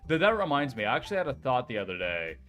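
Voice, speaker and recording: A young man chats casually on a live stream. He rambles and jokes, swears now and then, and speaks in a mid-range voice. Soft music plays faintly in the background. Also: medium pitch, big pitch swings, racing. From United States. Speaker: VTuber streamer. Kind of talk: casual chat.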